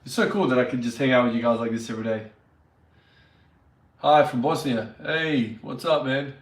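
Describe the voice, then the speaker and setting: A man's voice: medium pitch, normal speed. A man chatting casually on a livestream, upbeat and greeting viewers by name. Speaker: fitness vlogger. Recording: echoey room, mic at a distance.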